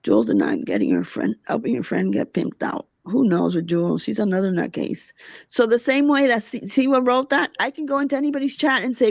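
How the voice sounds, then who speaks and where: A woman on a livestream, ranting with a heated, gossipy edge in a fairly high voice. Her sound is dull and lo-fi, dry with no room echo. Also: animated, a little fast, gravelly. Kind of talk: casual livestream chat.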